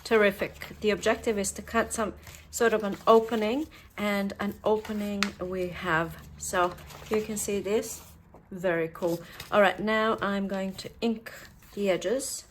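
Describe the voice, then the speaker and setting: A woman's voice: medium pitch, steady tone, a little slow, a little hiss or hum. A woman giving a casual step-by-step craft tutorial from her home workspace, chatting as she works and dropping offhand asides. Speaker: crafter demonstrating a project.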